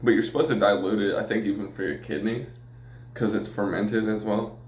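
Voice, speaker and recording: Brief: a low-voiced male podcaster riffing casually and crudely, recorded in an echoey room. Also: fairly even intonation, brisk, darkish tone, slight background noise. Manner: rambling, profane, jokey, laughs often. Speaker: podcast host. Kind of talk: casual solo podcast monologue.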